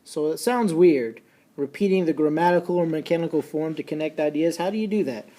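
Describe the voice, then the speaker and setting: A man teaching a recorded lesson, folksy and casual, slowing down and repeating key points so students can take notes. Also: a little high, dark tone. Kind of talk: recorded classroom lecture.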